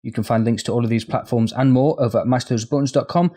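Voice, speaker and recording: A man's voice: mid-range voice, steady tone, fast, mellow. A man co-hosting a gaming podcast, dropping dry quips and reading the sign-off. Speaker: podcast co-host. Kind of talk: casual banter.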